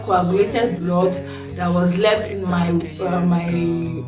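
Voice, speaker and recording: Nigerian lady vlogging, lively n laughing a lot, voice kinda far from the mic, roomy echo, soft music behind. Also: a little slow. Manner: animated, laughing often, with sharp swings in pitch. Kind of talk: personal storytelling vlog. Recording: echoey room, voice a bit far from mic, faint music.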